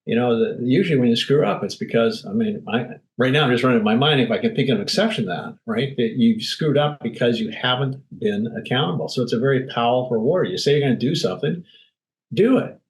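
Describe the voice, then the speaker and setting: A man's voice: mid-range voice, expressive, quick pace, a little hiss or hum, low-quality recording. A man speaking bluntly and emphatically as an interview guest, acting out little quoted exchanges. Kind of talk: candid interview talk.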